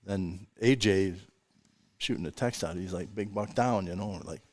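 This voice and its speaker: A man's voice: low-pitched, moderate pace. An older man hosting a podcast, telling long anecdotes in a casual, chuckling way and acting out the voices of the people in them. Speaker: podcast host. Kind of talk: casual storytelling chat.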